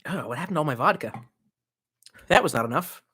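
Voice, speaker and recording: A man's voice: fairly high pitch, animated, quick pace, pushed and bright, slightly rough. A man rambling through a casual live stream, swearing freely and reacting to viewer comments as he goes. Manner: profane, rambling, reacts to chat.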